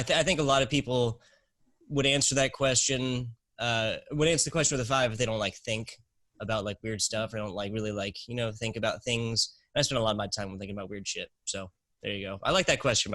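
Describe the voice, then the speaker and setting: A man's voice: mid-range voice, fairly even intonation, sharp tone, no room sound, rough recording. A young man rattles off answers in a casual interview, full of fillers and restarts. His voice sits in a middling register, and the sound is dry and close. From South Carolina, US. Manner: fast-talking, rambling with fillers and restarts. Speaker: guest, esports commentator.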